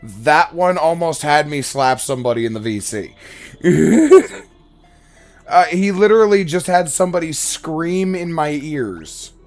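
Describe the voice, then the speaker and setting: A man streaming a game and trading crude, deadpan jokes in casual banter. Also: fairly high pitch, a little slow, soft background music. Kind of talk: casual banter while gaming.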